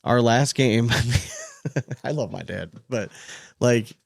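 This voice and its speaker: A man's voice: mid-range voice, expressive, slow, gravelly, dry recording, studio quality. A man in his thirties, a podcast co-host, telling a long story in a rambling, casual way with lots of "like". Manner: rambling storyteller, heavy use of "like". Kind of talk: casual chat.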